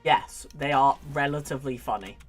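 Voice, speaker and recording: A man's voice: medium pitch, moderate pace, soft background music. A man giving casual, rambling commentary on a strategy game stream, often breaking off mid-sentence and giggling. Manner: rambling, self-interrupting, giggly.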